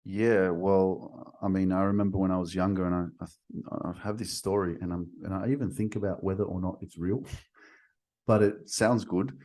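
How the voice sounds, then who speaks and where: Deep-voiced man musing aloud. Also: steady tone, normal speed, warm tone. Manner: musing, rhetorical questions. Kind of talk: reflective conversational chat.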